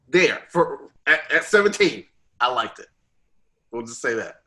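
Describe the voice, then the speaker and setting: A man's voice: medium pitch, sing-song, a little slow, sharp tone. A man hosting a podcast, chatting casually about a movie in a rambling way, with many fillers and restarts. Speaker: podcast host. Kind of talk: casual movie review chat.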